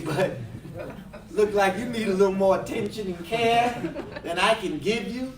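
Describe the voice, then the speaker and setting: A man preaching a sermon to a congregation, joking and then rising to shouts. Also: high voice, a little slow, roomy sound, distant mic, a crowd in the background. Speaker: minister. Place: large hall with live congregation. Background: congregation responding.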